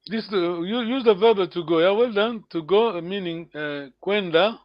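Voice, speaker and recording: Man, high voice, patient teacher, encouraging, dull lo-fi call audio, dry sound. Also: no echo. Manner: patient, encouraging, repeats words slowly. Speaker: language teacher. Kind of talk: online language lesson.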